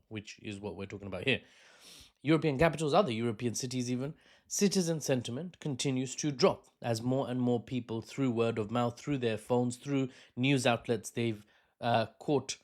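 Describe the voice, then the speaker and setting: A man talks through current events in a loose, unscripted way. He stumbles, restarts phrases and fills pauses with "uh" and "um". His pitch sits in an ordinary middle range for a man. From United Kingdom. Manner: rambling, with fillers and self-corrections. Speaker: political commentator. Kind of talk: casual spoken commentary.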